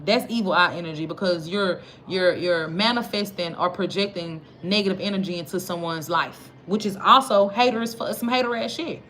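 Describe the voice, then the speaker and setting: With a medium-pitched voice that sounds pushed and bright, at a moderate pace, a Southern-accented tarot reader chats casually to her viewers. Her reading is slangy and direct, and the recording has noise and clicks.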